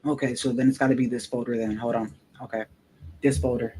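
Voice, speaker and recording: A man's voice: mid-range voice, little pitch movement, a little fast, mellow, a little hiss or hum. A man giving casual, heated commentary, profane and repeating himself as he rants. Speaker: boxing commentary streamer.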